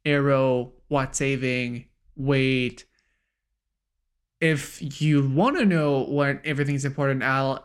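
French guy cohosting a podcast, chill, lots of like and you know. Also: medium pitch. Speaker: podcast co-host. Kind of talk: casual podcast chat.

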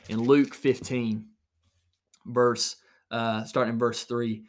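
A man's voice: medium pitch, level tone, slow. A man preaching an earnest recorded sermon alone in his small office, repeating phrases for emphasis.

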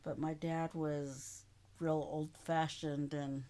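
A woman's voice: low voice, level tone, slow pace, warm tone. A middle-aged woman, the host's mother, giving brief plain answers in a casual interview.

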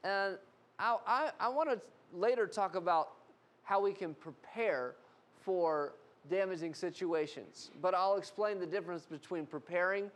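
A man preaching a sermon with animated storytelling and casual fillers. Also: high-pitched, unhurried. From United States.

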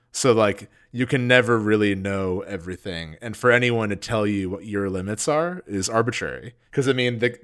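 A man co-hosting a casual book podcast, animated and jokey, loosely rambling with lots of fillers. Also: on the low side. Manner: animated, jokey, reads passages aloud. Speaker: podcast co-host.

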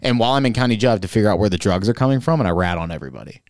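A very low-voiced man cohosts a casual podcast, swearing freely and joking bluntly. His voice swings widely in pitch, and the sound is dry and close. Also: animated, rapid-fire, no room sound. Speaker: podcast co-host. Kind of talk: casual chat.

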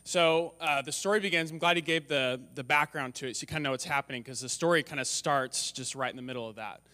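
A man as guest storyteller at a church, speaking in a relaxed, conversational way. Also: on the high side, fast talker, in a large hall. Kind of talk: casual introduction before storytelling.

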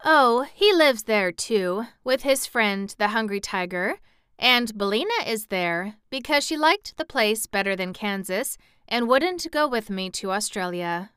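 A woman's voice: mid-range voice, animated, measured pace, a bit bright, clear, resonant tone, no room sound, studio quality. A woman voicing a cheerful, confident little girl in an audiobook, speaking eagerly and reassuringly.

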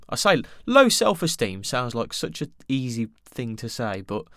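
Young guy, solo podcast host, candid and rambling with casual swearing, smooth voice, mid pitch. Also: sing-song, unhurried, few pauses, bright, forceful tone, dry recording, clean studio sound.

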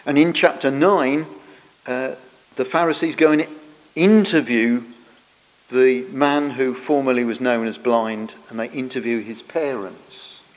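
A man preaches, explaining scripture in an earnest, teaching way. His phrases often sink quieter as they end. His voice rings out with a long reverb, as in a large church. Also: mid-range voice, fairly even intonation, a little slow. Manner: earnest, explanatory, drops softer at the ends of phrases. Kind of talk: sermon.

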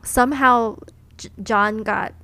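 A woman's voice: a little high, steady tone, slow, pushed and bright, dry recording. A young adult woman, a podcast co-host, casually retelling a ghost story in a chatty way, full of "like" and "you know.".

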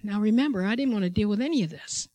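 Animated woman telling a testimony, dry sound. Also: mid-range voice, quick pace, dry recording. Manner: animated, laughs often, acts out the people she quotes. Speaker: healthcare worker. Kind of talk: personal testimony storytelling.

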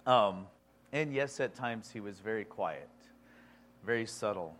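A man preaching a sermon, reading scripture aloud in a conversational way that swings from quiet asides to loud emphasis. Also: on the low side, animated, a little slow, long pauses. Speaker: pastor.

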